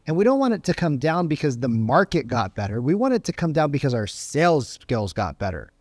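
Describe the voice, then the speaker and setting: An energetic man teaches real estate sales on camera in a fairly high, lively voice. He talks conversationally and keeps asking "right?" to pull the listener along. The sound is close and dry. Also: a little fast, dry recording.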